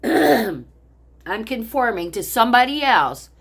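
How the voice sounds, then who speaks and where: A woman's voice: fairly high pitch, big pitch swings, slow pace, gravelly, slightly rough. Older woman ranting, full of profanity. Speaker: vlogger. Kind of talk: angry personal storytelling.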